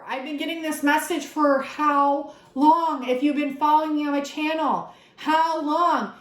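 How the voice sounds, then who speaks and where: A woman doing a casual tarot reading for her viewers, excitable and swearing freely as she talks straight to the camera. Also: high-pitched, a little slow, echoey room, rough recording. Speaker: tarot reader. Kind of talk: casual spiritual reading vlog.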